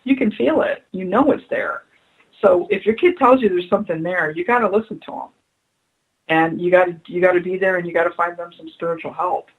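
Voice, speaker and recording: A woman's voice: fairly low pitch, a little fast, breathy edge, phone-quality sound. A woman being interviewed on radio as a spiritual adviser, telling stories earnestly and repeating her key phrases for emphasis. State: choked up.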